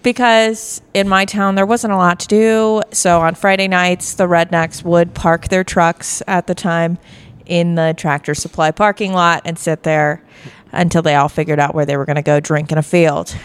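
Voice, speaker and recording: A woman's voice: on the low side, steady tone, normal speed, smooth. A young adult woman comedian from Virginia, telling stories in a dry, self-deprecating way during a casual bar podcast chat. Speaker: guest comedian.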